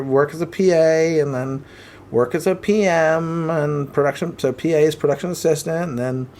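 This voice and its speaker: A man guesting on an interview, telling stories and giving advice in a relaxed, candid way, now and then swearing. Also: on the high side. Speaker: interview guest, film production head. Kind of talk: casual interview chat.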